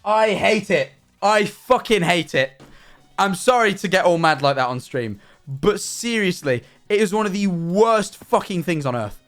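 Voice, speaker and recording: A man's voice: sits high, expressive, measured pace, fairly bright tone, faint music behind. A man livestreaming in casual chat with his viewers, ranting animatedly and swearing often.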